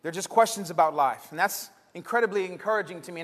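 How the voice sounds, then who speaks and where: Young man from Texas, pastor; high voice, sermon with emphatic swells and quiet story passages, reverberant church hall. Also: fast talker, hardly any pauses. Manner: swings between loud emphatic preaching and quiet conversational storytelling. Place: church sanctuary.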